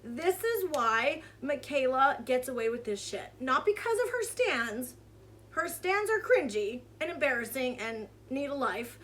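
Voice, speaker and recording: A woman's voice: sits high, sing-song, a little slow, a bit bright. A woman vlogger giving casual commentary on online drama in a heated, sarcastic rant.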